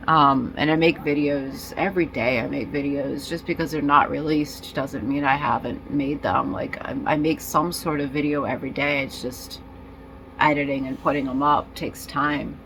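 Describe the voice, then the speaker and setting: A woman talking in a casual personal vlog, rambling and halting with many fillers and restarts, in nicotine withdrawal and feeling disoriented. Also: low-pitched, fairly even intonation, a bit bright, slight background noise, low-quality recording. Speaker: vlogger.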